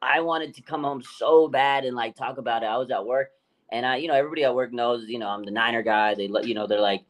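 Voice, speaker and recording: A man co-hosting a live sports talk stream, telling stories in an excited, rambling way. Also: medium pitch, fast talker, rough recording. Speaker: podcast co-host.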